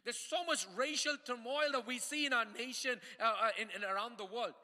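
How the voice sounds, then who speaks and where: Bright, high-voiced man preaching in a hall. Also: steady tone, brisk. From India. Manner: repeats words and restarts while preaching, rising to emphatic calls. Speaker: pastor. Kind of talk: sermon. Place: church hall. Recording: hall reverb.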